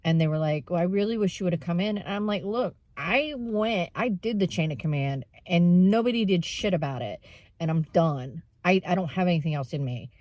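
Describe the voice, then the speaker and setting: A woman talking openly to her viewers in a casual vlog, with many fillers and frequent throat clearing. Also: on the low side, fairly quick, a little mellow, no room sound. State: tearful at times. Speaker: vlogger. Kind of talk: casual vlog chat while running errands.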